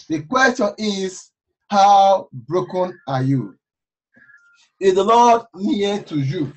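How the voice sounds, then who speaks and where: A woman pastor preaching a sermon, reading scripture slowly and then pressing her listeners with fervent rhetorical questions. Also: on the low side, low-quality recording.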